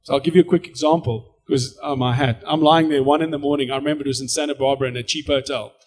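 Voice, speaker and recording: A man from South Africa with a South African accent, giving an animated church testimony and acting out the scenes as he tells them. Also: mid-range voice, quick pace. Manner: animated storyteller, acts out scenes.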